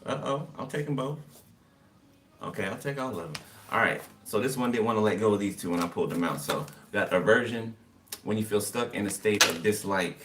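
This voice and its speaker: A man with a lowish voice chats through a casual tarot reading, greeting his viewers again and again. He sits back from the mic, and clear background noise runs under his talk. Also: brisk, far from the mic. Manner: chatty, laughs often, greets viewers repeatedly. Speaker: tarot reader.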